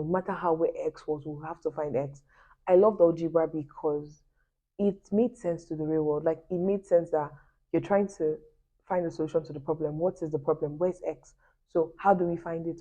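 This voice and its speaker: Low-voiced woman telling stories. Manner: chatty and animated, addresses viewers as guys, laughing asides. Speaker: vlogger. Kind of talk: personal storytelling to viewers. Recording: dull lo-fi recording.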